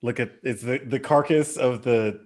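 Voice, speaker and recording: A man's voice: mid-range voice, normal speed, darkish tone. A man describing his character's actions in a tabletop game, casual and hesitant with lots of fillers. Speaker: player.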